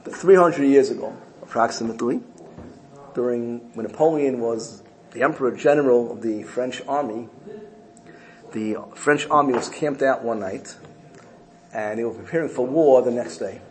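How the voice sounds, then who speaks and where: Earnest male speaker for a sermon, storytelling, mid pitch, faint background noise. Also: normal speed, rough recording. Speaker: speaker giving a religious talk.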